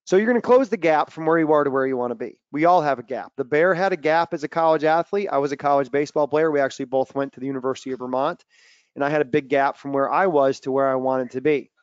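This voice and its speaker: A man coaching athletes in a lively webinar talk, telling stories and acting out quotes loudly. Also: a little high, quick pace, smooth, dry recording, lo-fi sound. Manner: animated storytelling with loud acted-out quotes. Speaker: mental performance coach. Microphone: video call.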